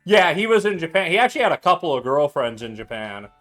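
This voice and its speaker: Very animated and quick, a young man with a fairly high, slightly bright voice chats casually while making cocktails on stream at his home bar, with faint music behind him. He's tipsy, loose, profane and laughing a lot.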